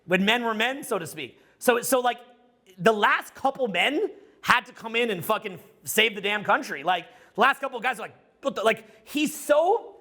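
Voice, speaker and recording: Here a middle-aged social skills coach addresses a live audience, swearing freely and wandering off topic with loud excitement. The voice is very high-pitched, delivered at a normal speed.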